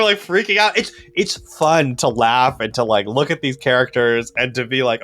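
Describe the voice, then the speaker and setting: A man co-hosting a casual chat, giving game-running advice in an animated way and often tagging his sentences with "right?". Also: mid-range voice, moderate pace.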